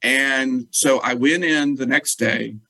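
A man, a guest telling a personal story in lively, casual talk and acting out what others said. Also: mid-range voice, slow pace, no echo, rough recording. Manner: animated, acts out quoted dialogue.

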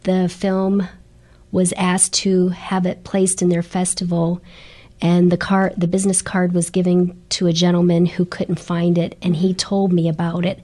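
A middle-aged woman tells her stories as an interview guest, earnest and animated. Her voice sits a little low. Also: unhurried. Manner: earnest and animated, laughs while telling stories. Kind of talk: storytelling interview chat.

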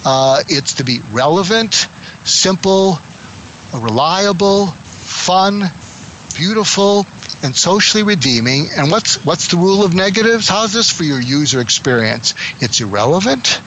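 Man, impression of a tech founder, blunt, profane, boastful, slightly high voice, video call. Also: expressive, a little slow, a bit bright, a little hiss or hum, rough recording. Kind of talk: improvised role-play talk.

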